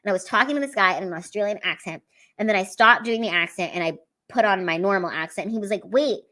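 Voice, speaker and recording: Woman, American, stand-up comedian, casual livestream chat, excitable, laughs often, swears, restarts sentences. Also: medium pitch, quick pace. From United States. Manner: trails off and restarts sentences mid-thought. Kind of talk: casual livestream chat reading viewer comments.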